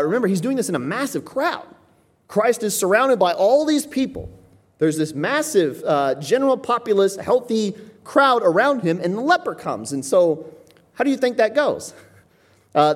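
Male Bible teacher, slightly high voice, relaxed explanatory delivery with filler words. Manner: loose and explanatory, with frequent "uh" fillers and restarts. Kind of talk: conversational Bible study teaching.

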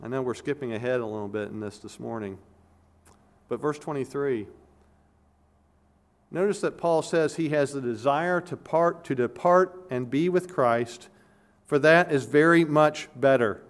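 A man's voice: mid-range voice, measured pace. Earnest male pastor preaching a sermon. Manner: earnest expository preaching with emphatic repetitions and frequent restarts.

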